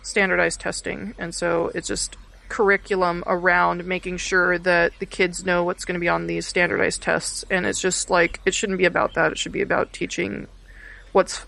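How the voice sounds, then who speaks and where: A woman's voice: lowish voice, little pitch movement, moderate pace, vocal fry, fairly bright tone. A young woman, chatting casually and rambling through many fillers and restarts. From Texas. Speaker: podcast guest, art education student. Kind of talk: casual chat.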